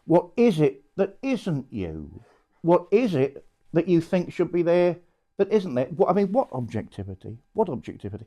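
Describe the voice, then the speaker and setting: A man's voice: a little high, very animated, normal speed, mellow. A man, a priest, gives an informal public talk to a small audience, conversational and blunt, full of rhetorical questions and asides.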